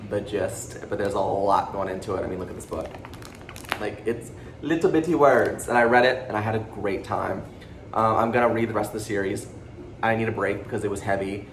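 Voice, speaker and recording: Fast-talking, excitable man in a roomy space. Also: on the low side. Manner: fast, chatty and excitable, swears freely. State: jittery from pre-workout drink. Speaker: book channel host. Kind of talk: casual monthly reading wrap-up. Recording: roomy echo with faint background noise.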